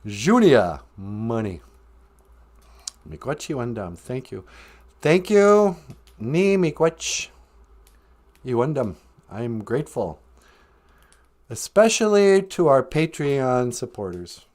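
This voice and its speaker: A man hosting a comedy podcast, delivering deadpan jokes and mock infomercial lines with bursts of laughter. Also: medium pitch, slow pace, pauses often. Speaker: podcast host. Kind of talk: joking comedic monologue.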